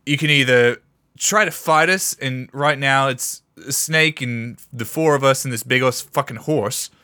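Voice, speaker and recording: A man's voice: mid-range voice, a little slow, sharp tone, no room sound, studio quality. A man playing a tabletop role-playing game, talking in a swaggering, profane, laughing way. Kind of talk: in-character role-play, casual.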